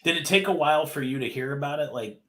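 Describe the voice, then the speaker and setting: Male host, bright and forceful voice, eager questioner. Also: a little high. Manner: eager, quick reactions and questions. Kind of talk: casual interview chat.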